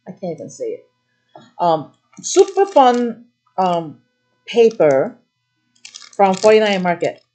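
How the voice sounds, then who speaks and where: A middle-aged woman runs a live craft demo, chatting quickly about the products in front of her. She talks in fast, eager bursts, trailing into fillers and restarts as she explains how each item works. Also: mid-range voice, very animated, dark tone. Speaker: craft shop host.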